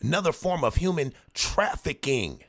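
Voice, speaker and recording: A man hosts a reaction video and comments on a clip in a loose, preachy rant. His pitch swings widely as he lectures and mocks. The delivery stays casual. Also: normal speed, vocal fry. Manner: animated, preachy ranting with mocking put-on voices.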